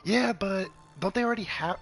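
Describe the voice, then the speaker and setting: A man's voice: sits high, normal speed, a bit bright, faint music behind. A young man streaming a game, chatting casually in a rambling, profane way, full of stop-start restarts.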